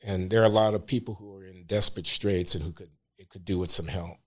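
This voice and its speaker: An older man, a podcast guest, speaking in a measured, emphatic way with hesitant pauses. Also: sits low, fairly even intonation, fairly bright tone. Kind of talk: opinionated talk.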